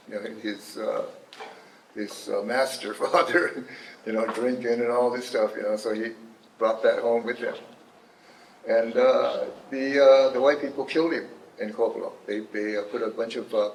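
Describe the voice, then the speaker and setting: A man's voice: mid-range voice, vocal fry, a little hiss or hum. Older man speaking in a roomy hall. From Northern California. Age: 70s. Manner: unhurried, plain-spoken, with many fillers. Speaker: tribal elder. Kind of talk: personal testimony talk.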